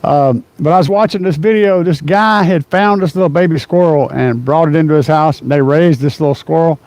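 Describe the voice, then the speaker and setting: Middle-aged male streamer, loose chatty rambler, slightly high pitch. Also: fairly quick, a little mellow, no echo. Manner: rambling, rough-edged, laughs a lot, lots of fillers. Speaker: car audio livestream host. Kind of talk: casual live-stream chat.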